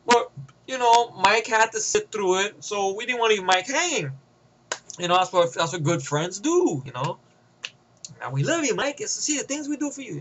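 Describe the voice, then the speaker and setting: A man's voice: high-pitched, sharp tone, slight background noise, low-quality recording. A young man giving a rambling, profane, sarcastic movie review in a casual rant.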